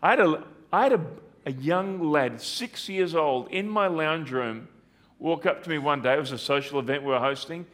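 High-voiced man preaching. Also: moderate pace, fairly bright tone. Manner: earnest, repetitive preaching with rhetorical questions. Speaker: pastor. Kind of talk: sermon.

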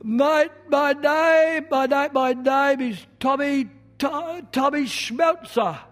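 A man putting on a nervous, stammering speaker who keeps restarting his words, high and strained. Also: slow, a bit bright, exaggerated voice.

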